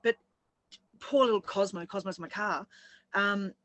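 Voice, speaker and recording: Bright-voiced woman rambling in casual chat. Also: mid-range voice, measured pace, no room sound, poor audio. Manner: rambling, laughs through her story. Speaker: co-host.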